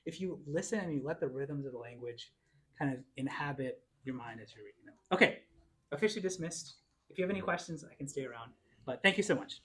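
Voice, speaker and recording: A man teaching a Bible class in a church classroom, giving a lecture and patiently explaining, slowing down to repeat example phrases. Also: a little high, fairly bright tone.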